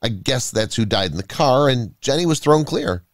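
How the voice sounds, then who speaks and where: A man's voice: medium pitch, animated, moderate pace, dry recording, studio quality, natural voice. A man voicing a nervous, guilty man in a storybook, speaking in a stammering, defensive way. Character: anxious guilty man, best friend, nervous.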